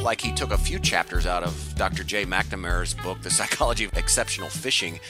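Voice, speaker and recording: A man's voice: sits low, a little fast, hardly any pauses, over music. A man co-hosting a fishing talk show, chatting in a conversational, upbeat way. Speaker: co-host. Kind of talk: casual chat.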